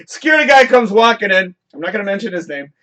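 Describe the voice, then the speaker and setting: A man hosting a live talk show, telling a work story in a casual, profane, animated rant that now and then bursts into shouting. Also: sits high, normal speed. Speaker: podcast host.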